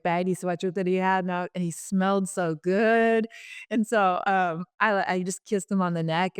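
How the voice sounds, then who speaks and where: A woman's voice: lowish voice, smooth, no echo, clean studio sound. A middle-aged woman, a podcast guest, telling a personal story frankly and chattily, acting out the dialogue she quotes.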